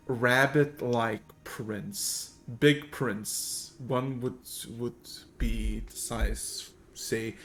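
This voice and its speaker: A man narrating as game master of a tabletop game, hesitant with many fillers. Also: mid-range voice.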